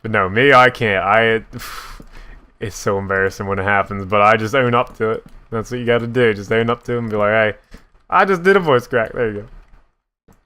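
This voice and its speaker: A young man giving casual, self-mocking commentary while he builds in a block game, with a deep voice that sometimes cracks. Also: steady tone, moderate pace, sharp tone, clean tone. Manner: chatty, self-mocking, laughs at his own slips. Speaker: gaming YouTuber.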